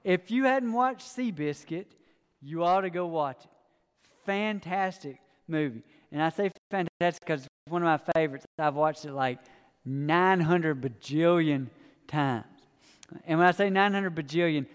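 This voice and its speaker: A man delivers a sermon in a fairly high voice. He speaks in a folksy, storytelling way, talking straight to the congregation. His voice carries a long reverb from a large church hall. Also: measured pace, smooth. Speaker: pastor.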